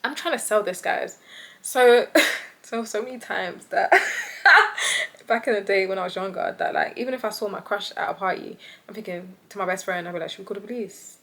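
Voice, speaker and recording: A young British woman vlogger telling a story casually, animated and laughing often, acting out the voices of the people in it. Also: medium pitch, normal speed, gravelly.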